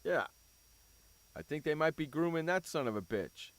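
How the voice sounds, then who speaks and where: A man's voice: fairly high pitch, expressive, normal speed, no room sound. A man hosting a sports talk radio show, ranting bluntly and cursing freely as he argues about teams and coaches.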